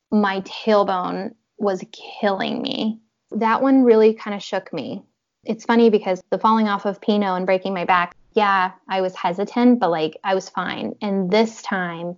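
A woman casually chatting, telling an animated personal story and acting out what people said. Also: mid-range voice, lo-fi sound. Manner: animated storytelling, acts out quotes, laughs often. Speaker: horse rider telling her story. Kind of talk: casual podcast chat.

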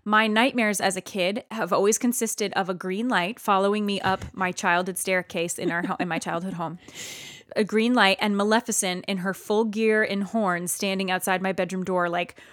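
A podcast co-host tells a story in casual chat, heavy with fillers and restarts. Her medium-pitched voice has fairly even intonation, a moderate pace and a fairly bright tone, with no room sound.

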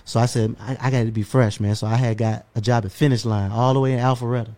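Fast-talking man telling stories. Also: mid-range voice. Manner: animated storytelling, profane, fast-talking. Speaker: podcast host and DJ. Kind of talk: casual podcast chat.

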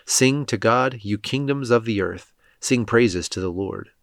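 A man reading scripture aloud as scripted narration, in a solemn, steady way. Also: medium pitch, unhurried, vocal fry, dry recording, studio quality. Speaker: scripture reader.

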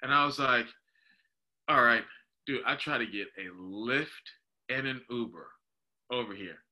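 Young guy, very bright voice, animated storyteller, podcast co-host. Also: mid-range voice, unhurried. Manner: animated, laughing, says "dude" and "bro". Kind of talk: casual storytelling chat.

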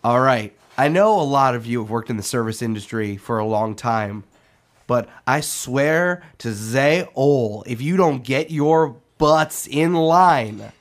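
A man voicing a gruff female half-orc in charge of a kitchen, loud and barking orders. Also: medium pitch, animated, slow. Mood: rousing.

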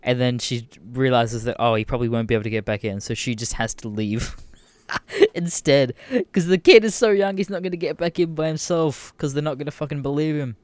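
A man's voice: mid-range voice, a little fast, no echo. Young aussie bloke ranting on his podcast, swears heaps, dry close mic. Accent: Australian. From Australia. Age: young adult. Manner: profane, animated, laughs often. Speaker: podcast host. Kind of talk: casual rant.

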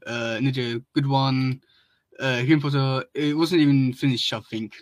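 A man's voice: medium pitch, fairly even intonation, no room sound. A man reading fan fiction and comments aloud for his podcast, tripping over words and laughing between lines. His voice sits in a middling register, recorded dry and close. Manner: halting, full of fillers and restarts, laughing often. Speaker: podcast host.

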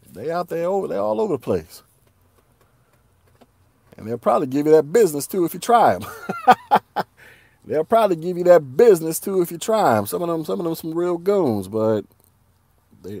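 Animated slangy man ranting on a podcast. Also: fairly high pitch, gravelly, no room sound. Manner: animated, slangy, laughs often, repeats himself. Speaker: podcast host. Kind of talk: casual solo podcast rant.

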